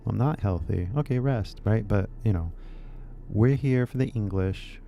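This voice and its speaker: Gravelly laid-back Californian man. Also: fairly low pitch, dark tone, a little hiss or hum. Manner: laid-back, musing, drawn-out phrases. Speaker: English teacher. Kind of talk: casual rambling video lesson.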